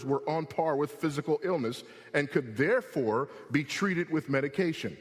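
A man preaching a sermon as pastor, emphatic, rising in pitch and slowing for stress. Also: lively intonation, in a large hall. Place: church sanctuary.

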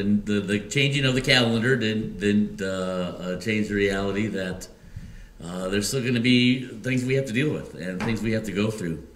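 Deep-voiced Midwestern pastor, halting sermon. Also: male voice, slight background noise. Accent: Midwestern American. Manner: halting, many fillers and restarts. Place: church sanctuary. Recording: echoey church room.

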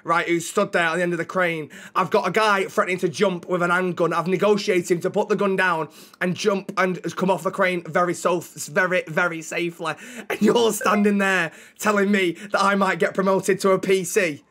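Man, high bright voice, indignant swearing rant, role-play cop. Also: steady tone, moderate pace. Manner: indignant ranting with heavy swearing. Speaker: streamer playing a police officer.

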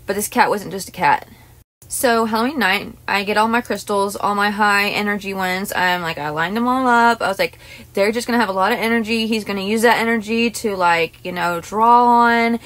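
A woman's voice: medium pitch, a bit bright. A woman hypnotist telling a personal story in a casual, rambling and emotional way, with many restarts and asides. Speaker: hypnotist and channel host.

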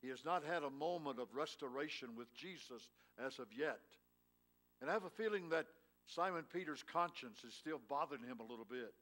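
A man's voice: a little high, lively intonation, fairly quick, a bit bright. A male pastor preaching a sermon in a church, telling a Bible story in a folksy way and rising with emphasis. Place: church sanctuary.

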